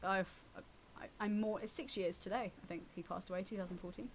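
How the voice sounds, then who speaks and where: A woman actress and comic chatting as a radio interview guest, telling stories with lively acted-out asides. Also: mid-range voice, over a noisy crowd. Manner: quick, animated storyteller who acts out quotes. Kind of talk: casual radio interview chat.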